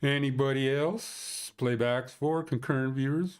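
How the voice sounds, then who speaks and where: A man's voice: medium pitch, normal speed, vocal fry, hardly any pauses. Man, livestream host, casual, joking, rambling, mid-range voice. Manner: rambling, joking, thinks aloud. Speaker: host of a backcountry ski conditions livestream.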